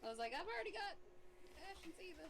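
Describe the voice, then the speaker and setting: Giggly woman player, lively pitch. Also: fast, heavy background noise. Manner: giggly, chatty. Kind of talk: casual chat at a game table.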